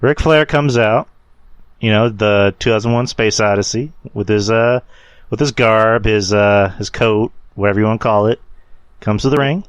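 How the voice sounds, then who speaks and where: A man's voice: fairly low pitch, normal speed, smooth, dry recording. A man co-hosting a wrestling podcast, building up crude jokes like a storyteller. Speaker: podcast co-host. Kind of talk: casual wrestling chat.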